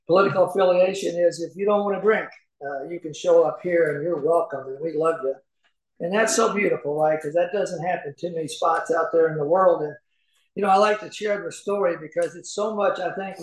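An older man with a fairly high voice shares his story with a crowded room. He talks in a folksy, chatty way, often laughing, and his voice rings out from a podium mic in a big, echoing hall. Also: steady tone, brisk. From Kentucky, USA. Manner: folksy, laughing, conversational with many fillers. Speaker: recovery meeting speaker. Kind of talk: personal story talk to an audience. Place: large meeting hall. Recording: echoey hall recording.

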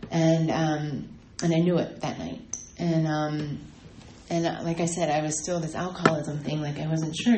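A woman telling her personal recovery story at a meeting, halting and full of ums and restarts. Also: low-pitched, warm tone, reverberant, slight background noise, low-quality recording. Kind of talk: personal testimony talk.

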